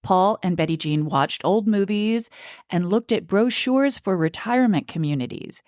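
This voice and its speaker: A woman's voice: mid-range voice, animated, normal speed, a little mellow, no room sound, studio quality. A woman co-hosting a podcast, telling a true-crime story in a casual, chatty way with asides. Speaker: podcast co-host.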